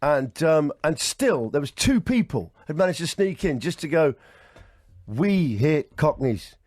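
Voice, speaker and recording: A high-voiced man hosts a breakfast radio show, leaping around his pitch as he spins rambling, self-mocking anecdotes full of false starts. His voice is close and dry in the studio. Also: very animated, normal speed, dry recording. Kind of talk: chatty radio banter.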